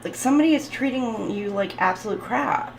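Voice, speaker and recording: A woman with a creaky voice on the high side talks fairly quickly during a casual tarot reading. She chats, laughs often, and lists card keywords, with the recording sounding roomy and carrying faint background noise.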